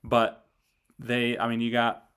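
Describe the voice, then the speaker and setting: A man co-hosting a sports talk show, speaking in a relaxed conversational way with frequent filler words. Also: medium pitch, slow, clear, resonant tone. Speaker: sports podcast co-host.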